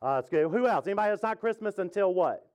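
A man's voice: high-pitched, lively intonation, fast, darkish tone. A male pastor preaching a casual, joking sermon to his congregation and asking them questions. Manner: chatty, jokey, asks the congregation questions. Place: church sanctuary with congregation.

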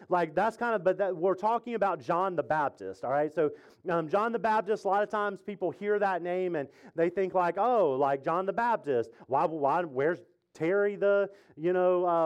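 Man, pastor, casual sermon, joking, talks with the congregation, fairly high voice. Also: darkish tone. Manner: chatty, jokey, asks the congregation questions. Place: church sanctuary with congregation.

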